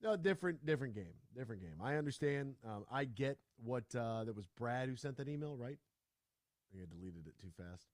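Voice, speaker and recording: Animated male sports radio host, dry studio. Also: medium pitch, a little fast, dry recording. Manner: animated, ranting, full of restarts. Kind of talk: casual sports talk.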